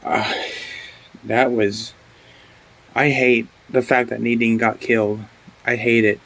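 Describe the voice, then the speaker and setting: A man talks through a show in a casual vlog, swearing freely and tripping over his own sentences. He gets emotional and animated as he goes, with a voice of ordinary pitch. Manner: rambling, profane, with many restarts. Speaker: TV show reviewer.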